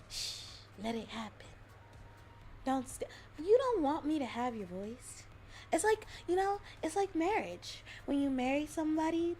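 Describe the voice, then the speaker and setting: A woman streamer in casual chat, soft-spoken and giggly, rambling as she talks. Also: sits high, a little hiss or hum.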